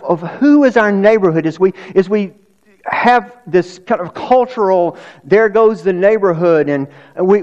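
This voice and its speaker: A man's voice: sits high, a little mellow, lo-fi sound. A male pastor preaching a sermon in a conversational way, with restarts and rhetorical questions.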